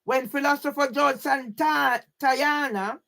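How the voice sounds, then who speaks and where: Jamaican woman vlogger, confrontational rant, high sharp voice. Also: slow, creaky. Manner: confrontational, repeatedly calling out one man by name. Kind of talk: angry direct-address rant.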